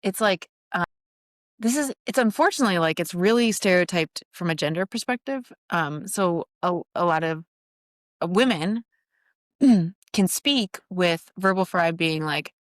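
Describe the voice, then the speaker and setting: A woman co-hosting a podcast, talking candidly and poking fun at herself, often stopping to restart a thought. Her voice sits on the low side for a woman, and it is recorded close and dry with no room sound. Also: expressive, dry recording. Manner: candid, self-deprecating, halting restarts. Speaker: podcast co-host. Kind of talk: casual chat.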